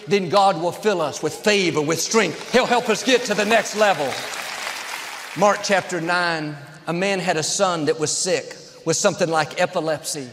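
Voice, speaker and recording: A high-pitched male pastor delivers a sermon in short, repeated phrases that build toward each point. His voice rings out with a long reverb, as if filling a large hall. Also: fairly bright tone, a little hiss or hum.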